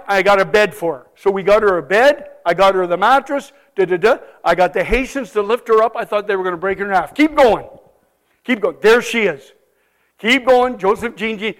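A man telling a missionary testimony to a congregation, animated and exclaiming often as he cues slides aloud. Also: high voice. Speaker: visiting missionary speaker.

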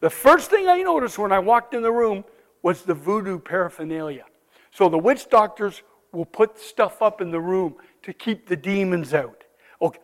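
A man telling a missionary testimony to a congregation, animated and exclaiming often as he cues slides aloud. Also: high-pitched. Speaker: visiting missionary speaker.

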